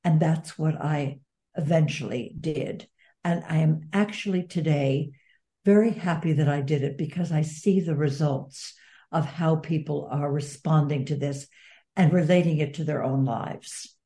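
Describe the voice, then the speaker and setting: Low, warm-voiced earnest woman guest. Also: unhurried. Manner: earnest, reflective. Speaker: guest author and advocate. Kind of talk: interview conversation.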